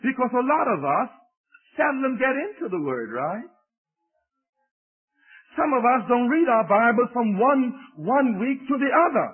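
Older preacher with a husky, tinny sound. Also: male voice, very high voice, sing-song, measured pace, pauses often, soft background music. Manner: earnest, repeats key phrases, frequent hesitations. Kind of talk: sermon. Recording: tinny phone-like recording.

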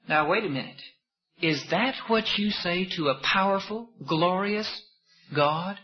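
A man preaching a sermon with impassioned rhetorical questions, swinging between loud emphasis and hushed asides. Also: high-pitched, measured pace, dull audio.

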